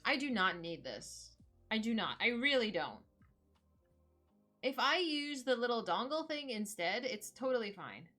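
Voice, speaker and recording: A woman in her thirties, a streamer chatting casually on a live stream and opening gifts in a bubbly, excitable way. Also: fairly high pitch, unhurried, faint music behind. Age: 30s.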